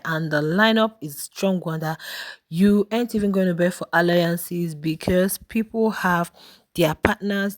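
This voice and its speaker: A woman's voice: mid-range voice, no echo. A woman with a South African accent hosting a YouTube channel, chatting casually to viewers about reality show voting polls. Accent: South African English. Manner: chatty, direct address to viewers. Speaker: YouTube host.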